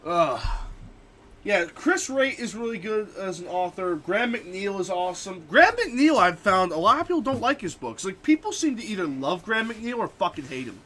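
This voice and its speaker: A man's voice: high voice, very animated, moderate pace, a bit bright, a little hiss or hum. A young man streaming a game and chatting casually, ranting and swearing freely about books he has read. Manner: profane, ranting. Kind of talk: casual gaming stream chat.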